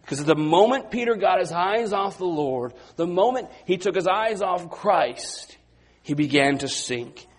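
A man preaching a sermon, moving between quiet, low passages and loud, excited retellings of the disciples. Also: a little slow. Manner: dynamic, swings from quiet to loud and high when acting out the disciples.

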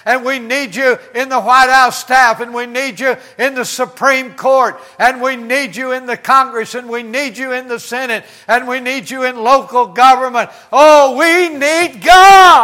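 An older American man preaching a sermon in a fairly high, bright and forceful voice. He builds through repeated phrases with strong emphasis and often falls to a soft, quiet hush. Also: fairly even intonation, measured pace, hardly any pauses. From United States. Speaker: pastor.

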